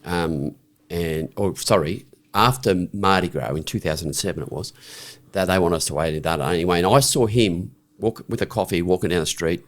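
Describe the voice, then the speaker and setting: A man's voice: low-pitched, moderate pace, few pauses. A middle-aged man, a podcast guest, telling a story frankly and bluntly, with restarts and a habit of asking "right?". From Australia. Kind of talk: conversational storytelling.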